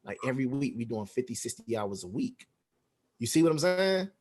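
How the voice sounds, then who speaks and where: A man's voice: medium pitch, fairly quick, breathy edge. Guy on a podcast telling his story, acts out every line of dialogue, cusses a lot, medium voice. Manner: animated, acts out quoted dialogue, heavy slang and swearing. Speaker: podcast guest. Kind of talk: casual storytelling interview.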